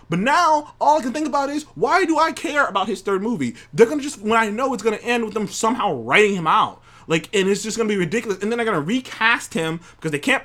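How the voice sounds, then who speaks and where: A man's voice: high voice, a bit bright. A man hosting a show, ranting angrily and profanely into a studio mic, with many restarts. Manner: angry, profane, rambling with restarts. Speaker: show host. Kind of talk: heated opinion rant.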